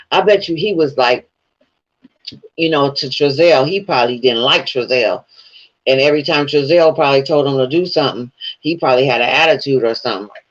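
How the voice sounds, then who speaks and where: A man's voice: mid-range voice, a little fast. A man talking casually to his viewers, telling rambling, profane stories and laughing along the way. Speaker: vlogger. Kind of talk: casual commentary. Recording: dull lo-fi sound.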